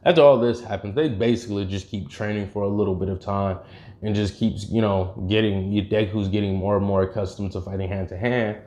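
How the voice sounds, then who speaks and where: A man's voice: fairly low pitch, steady tone, a little fast, dark tone. A man casually retelling an invented fan story, rambling with many fillers and restarts.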